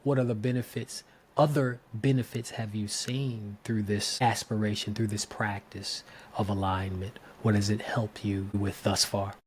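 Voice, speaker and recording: A man's voice: fairly low pitch, little pitch movement, measured pace, slight background noise. A man hosting a podcast interview, affirming his guest and asking open, rambling questions in a casual way. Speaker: podcast host.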